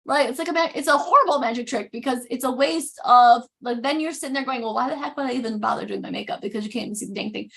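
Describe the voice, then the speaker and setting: A woman hosting a casual live makeup tutorial, chatty and animated, often interrupting herself. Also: high-pitched. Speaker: makeup demo host.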